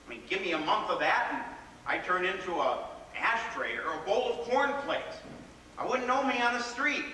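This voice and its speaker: A man's voice: high voice, expressive, moderate pace, bright, forceful tone. An actor playing a whimsical, rebellious grown man, telling stories with theatrical, playful flourishes in a live stage play. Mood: pleading. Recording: echoey theater hall from far off, faint noise.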